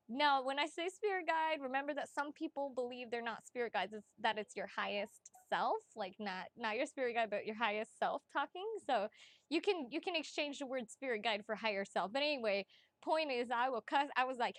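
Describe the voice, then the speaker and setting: A woman hosting a livestream of psychic readings, chatting casually in a bubbly, giggly way with quick asides. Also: fairly high pitch, no room sound. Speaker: psychic reader, livestream host.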